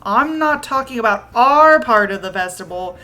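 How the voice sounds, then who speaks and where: A woman's voice: on the high side, animated, normal speed, bright, forceful tone. A woman reading the lines of a feisty, blunt teenage schoolgirl in a sassy, pushy way.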